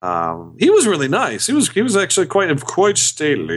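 A man's voice: a little high, wildly swooping pitch, fairly quick. A man co-hosting a podcast, telling convention stories in casual chat with many restarts. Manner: rambling storytelling with many restarts. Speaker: podcast co-host.

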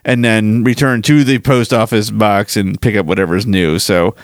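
A man's voice: lowish voice, fairly even intonation, moderate pace, dry recording, clean studio sound. Chatty man hosting a podcast. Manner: chatty, rambling, self-deprecating. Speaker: podcast host. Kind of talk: casual chat, reading listener mail.

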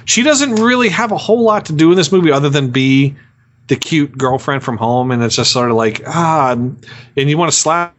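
Guy reviewing movies, stammers and repeats himself, kinda high voice, muffled sound. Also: expressive, a little fast, fairly bright tone. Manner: rambling, stammers and repeats words, earnest. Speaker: podcast co-host. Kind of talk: casual movie review chat.

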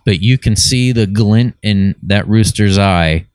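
Brief: forties man, low voice, dry close sound, casual film chat. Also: measured pace, no room sound. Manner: enthusiastic, rambling with restarts. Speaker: podcast co-host. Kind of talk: casual chat about films.

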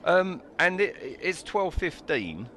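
A man's voice: sits high, takes it slowly, a little hiss or hum. A man co-hosting a podcast, chatting casually with lots of ums and restarts. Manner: hesitant, animated, with many ums. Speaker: podcast co-host. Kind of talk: casual chat.

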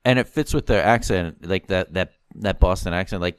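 Deep-voiced man, amused and lively. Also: moderate pace, clean tone, no room sound, clean studio sound. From America. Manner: enthusiastic, amused, stammers on restarts. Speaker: podcast guest. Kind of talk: casual chat.

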